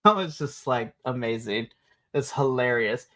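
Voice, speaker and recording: A woman's voice: extremely low pitch, expressive, measured pace, a bit bright. A woman co-hosting a wrestling podcast, chatting casually, laughing often and acting out wrestlers' lines. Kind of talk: casual review chat. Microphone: streaming mic.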